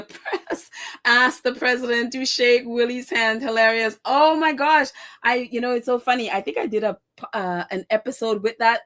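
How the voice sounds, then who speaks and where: A woman's voice: fairly high pitch, a bit bright. A woman hosting a casual live stream, reading viewer comments and chatting with frequent laughs, fillers and sarcastic asides. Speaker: host.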